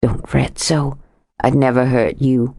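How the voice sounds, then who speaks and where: A woman doing a low-voiced, coaxing young man. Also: level tone, takes it slowly, dark tone, husky, full character voice. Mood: low, tender. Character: jealous, stubborn young man, tender lover.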